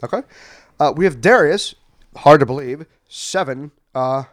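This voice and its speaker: A man's voice: a little high, lively intonation, a little slow, no room sound, clean studio sound. A man hosting a podcast among friends, joking, laughing and announcing game segments in a playful, announcer-like way. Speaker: podcast host. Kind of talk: casual chat.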